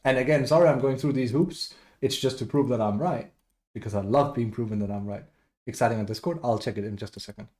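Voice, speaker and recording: A man's voice: medium pitch, fast talker, a little mellow. A man streaming a game, ranting bluntly and with plenty of swearing in a casual, exasperated way. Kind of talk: casual live-stream rant.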